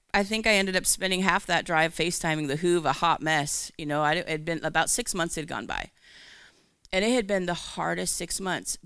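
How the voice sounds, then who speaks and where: Gravelly, bright-voiced woman telling her testimony. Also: on the low side, no room sound, studio quality. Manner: candid, animated storytelling with acted-out dialogue. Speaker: Christian speaker. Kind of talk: personal testimony talk.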